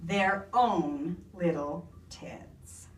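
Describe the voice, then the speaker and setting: A woman teacher reading a story aloud and leading her class, slow and expressive, hushing the children. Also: fairly low pitch, recorded from a distance, slight background noise. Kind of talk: classroom lesson and read-aloud. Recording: echoey classroom heard from afar.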